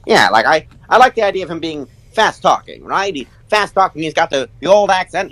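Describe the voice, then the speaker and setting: A man who is a voice actor, chatting casually and telling animated stories, slipping into voices as he goes. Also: a little high, brisk, rough recording. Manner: animated storytelling, slips into voices. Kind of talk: casual chat in a voice chat.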